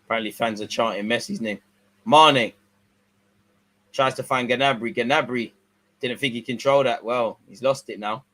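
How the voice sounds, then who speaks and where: A young man giving casual, slangy live football commentary, swinging between excited outbursts and low mutters. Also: moderate pace, pauses often. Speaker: watch-along streamer.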